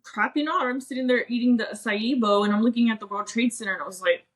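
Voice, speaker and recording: A woman's voice: on the high side, fast talker, rough recording. A woman in her thirties telling a personal story in a candid, emotional way, quoting herself and others as she chats on a podcast. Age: 30s. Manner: emotional, earnest, quotes herself and others in a casual chatty way. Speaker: podcast co-host.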